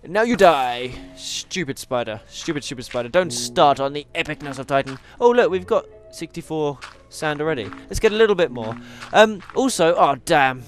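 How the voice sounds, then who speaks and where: A man's voice: on the high side, lively intonation, normal speed, hardly any pauses, soft background music. A tired young man, chatting casually as he plays a game and teases the animals on screen. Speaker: gaming YouTuber. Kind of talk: casual let's-play commentary.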